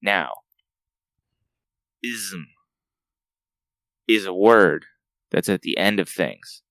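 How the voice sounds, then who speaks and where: A man co-hosting a casual podcast, teasing and joking with deadpan jabs. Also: deep voice, drawn-out words, vocal fry, clean tone, no room sound, clean studio sound. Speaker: podcast co-host. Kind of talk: casual chat.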